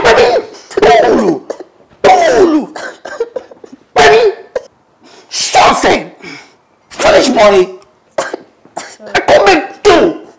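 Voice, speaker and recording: A man playing a boastful, greedy self-styled pastor who shouts and babbles mock tongues in a comedy sketch. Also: very high voice, exaggerated voice. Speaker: comic pastor. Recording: noisy skit recording.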